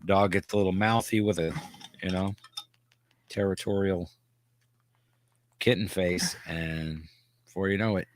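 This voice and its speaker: A man's voice: low-pitched, fairly even intonation, measured pace, pauses often, slight background noise. A man co-hosting a casual podcast, joking in a dry, wry way and swearing offhandedly. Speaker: podcast co-host. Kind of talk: casual chat.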